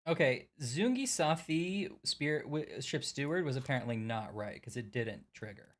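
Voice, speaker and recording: A man's voice: medium pitch, animated, moderate pace. A man streaming a mystery game, thinking aloud as he works through the puzzles with a friend. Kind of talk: casual game chat.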